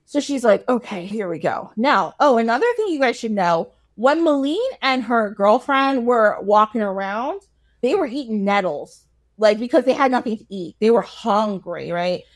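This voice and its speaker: A woman's voice: a little high, expressive, moderate pace, no echo, clean studio sound. A woman podcast host casually retelling a fairy tale, laughing often and acting out the characters. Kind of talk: casual storytelling chat.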